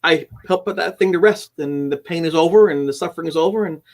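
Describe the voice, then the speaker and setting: A middle-aged man with a fairly high voice recounts a personal experience as a podcast guest. He talks quickly and acts out the dialogue, stumbling and restarting as he goes. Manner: animated storyteller who acts out quoted dialogue, with frequent restarts. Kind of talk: personal storytelling in a podcast interview.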